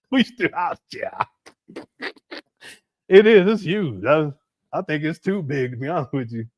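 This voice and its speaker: Chuckling man on a livestream, lively pitch. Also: slow, pauses often, no room sound, clean studio sound. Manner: laughs often, reads viewer messages aloud. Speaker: livestream host. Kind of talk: casual livestream commentary.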